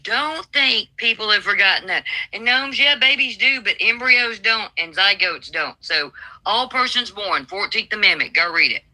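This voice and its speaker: A woman's voice: mid-range voice, expressive, moderate pace, pushed and bright, rough recording. A woman from Alabama with a Southern accent, calling in to a political talk show and speaking bluntly and emphatically. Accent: Southern American. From Alabama, USA. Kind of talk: political call-in chat.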